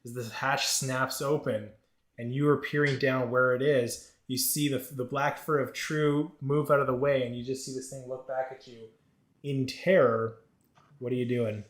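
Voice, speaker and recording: A man's voice: mid-range voice, flat delivery, moderate pace. Man narrating as game master, echoey room.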